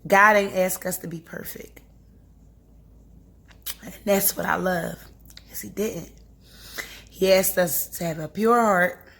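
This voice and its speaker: A woman's voice: on the low side, creaky. A young woman vlogging to camera, talking earnestly and encouragingly about faith and grief, with frequent laughs. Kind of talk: casual heartfelt talk to camera.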